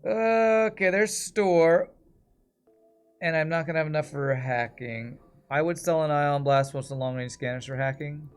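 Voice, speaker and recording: Guy streaming a space game, chatty, mid-pitch voice, answers chat as he plays, bit of game music under it. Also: fairly even intonation, a little fast, hardly any pauses, clean tone. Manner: chatty, reads and answers chat while playing. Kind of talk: casual gameplay commentary.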